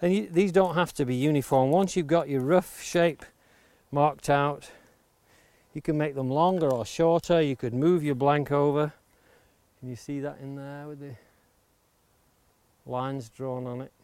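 A woodworking instructor teaches by the coast, carving with an axe and patiently explaining every step with attention to safety. His slightly high voice holds a steady tone at a measured pace, a little mellow, clear and resonant. There's no room sound, just axe chops clicking behind this hands-on demonstration.

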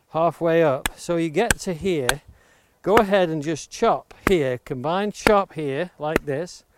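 A woodworking instructor with a voice on the high side demonstrates axe carving outdoors near the coast. His hands-on explanation is steady, patient and focused on safety, and the clicks of axe chopping come through amid background noise.

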